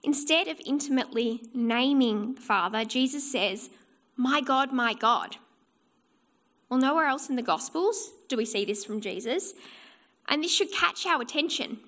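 A woman with a fairly high, fairly bright voice preaches a sermon in a church. She's animated and earnest, speaking at normal speed and explaining things, often posing a rhetorical question and then answering it herself.

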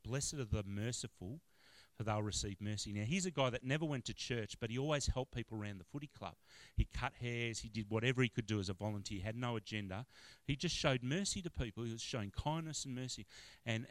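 A middle-aged man with an Australian accent, a football club chaplain telling a story in a sermon and acting out the quotes with lively emotion. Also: no echo. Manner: animated, acts out quotes, rising to high-pitched excitement.

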